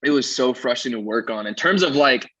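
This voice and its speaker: A man's voice: medium pitch, lively intonation, fast, fairly bright tone, no room sound, low-quality recording. A young man, a musician guest, chatting casually and joking about himself in a podcast interview. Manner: joking, self-deprecating, trails off with fillers.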